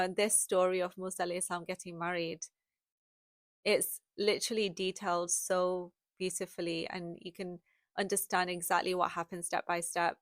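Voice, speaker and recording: A woman's voice: lowish voice, no room sound. A woman hosting a reflective talk on faith, rambling a little and correcting herself with many fillers. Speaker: religious commentary host.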